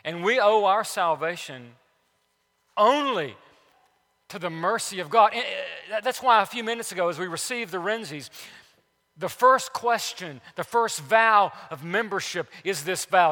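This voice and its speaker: A male pastor preaching a sermon in a church, emphatic, repeating key phrases and swinging between loud declarations and hushed asides. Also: high-pitched, expressive, unhurried, big-room sound. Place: church sanctuary.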